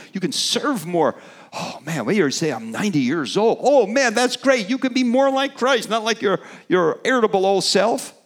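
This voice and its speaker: A middle-aged man delivers a sermon in an animated way, his pitch swinging widely and sitting a little high for a man. He builds to emphatic peaks on key words, then drops back and trails off with fillers. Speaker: preacher.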